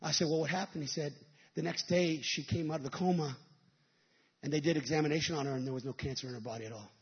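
A male evangelist preaching a sermon, telling stories and rising into emphatic shouted peaks. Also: fairly high pitch, fast, dull audio.

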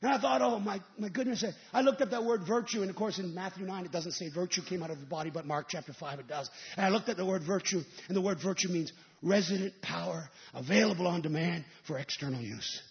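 Man evangelist preaching, really high voice, big shouty bursts, kinda dull lo-fi sound. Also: fast talker, hardly any pauses. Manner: preaching with emphatic shouted peaks and storytelling. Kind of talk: sermon.

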